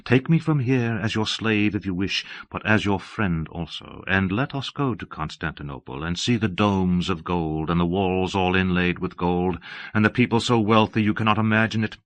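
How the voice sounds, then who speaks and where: A man voicing a mild, patient old abbess in an audiobook, speaking softly and evenly. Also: sits low, moderate pace, no echo, natural voice. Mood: earnest.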